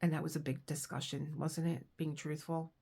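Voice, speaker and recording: A woman's voice: deep voice, little pitch movement, moderate pace, creaky, mellow, breathy edge. A woman vlogger in casual chat, rambling and laughing as she reads aloud and tells stories. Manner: rambling, chatty, laughs often. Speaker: crafting vlogger.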